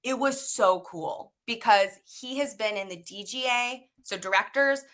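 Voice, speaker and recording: Bubbly, bright-voiced young actress. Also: female voice, fairly high pitch, unhurried. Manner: bubbly, animated, full of "like" and voiced quotes. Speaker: actress guest. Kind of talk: casual interview storytelling.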